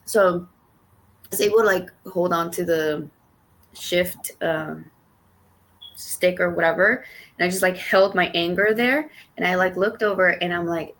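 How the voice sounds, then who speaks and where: A young woman co-hosting a podcast tells a personal story, rambling with many fillers, restarts, and casual swearing. Her voice is fairly low in pitch at normal speed.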